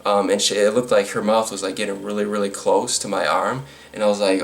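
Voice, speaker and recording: A man's voice: lowish voice, flat delivery, a little fast, hardly any pauses. A man telling a storytime vlog, rambling with lots of fillers and restarts, with a sarcastic edge. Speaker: vlogger.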